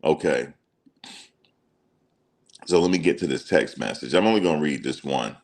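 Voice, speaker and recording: A man's voice: extremely low pitch, expressive, moderate pace, darkish tone, slightly rough. A man hosting casual celebrity news commentary, emphatic and slangy, repeating his points. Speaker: commentary channel host.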